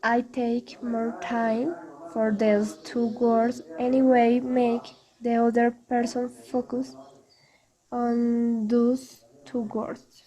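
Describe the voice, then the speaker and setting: Woman, student presenter, halting English, slow, mellow tone. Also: on the high side, flat delivery, rough recording. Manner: halting, careful non-native English. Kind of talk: class presentation video.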